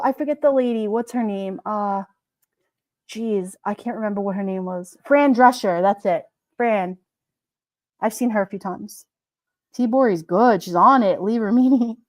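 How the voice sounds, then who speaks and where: A woman's voice: mid-range voice, dry recording, dull audio. A woman hosting a live stream, chatting casually and rambling with her viewers, often giggling.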